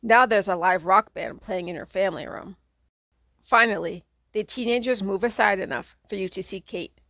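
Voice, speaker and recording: A woman's voice: mid-range voice, fairly bright tone, no room sound. A woman reading a children's horror audiobook aloud, telling a second-person story in a dramatic way. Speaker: audiobook reader.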